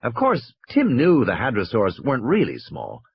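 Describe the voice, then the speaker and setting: A man with a slightly husky voice narrates an audiobook at a steady, normal-speed storytelling pace, his pitch animated and rising and falling. The recording is dry and somewhat muffled, with no echo.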